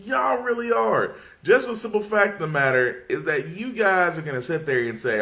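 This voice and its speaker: A man talks through a casual podcast rant, his pitch rising and falling widely. He rambles, restarts sentences and keeps holding back laughter as he mocks what he is discussing. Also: lively intonation, moderate pace, creaky, hardly any pauses, sharp tone. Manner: mocking, fights off laughter. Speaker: podcast host.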